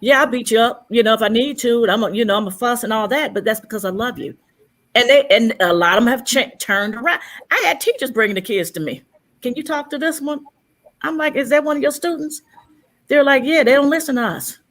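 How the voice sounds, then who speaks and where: A woman's voice: on the high side, fairly quick, fairly bright tone. A woman co-hosting a casual panel chat, telling stories and acting out the dialogue she quotes.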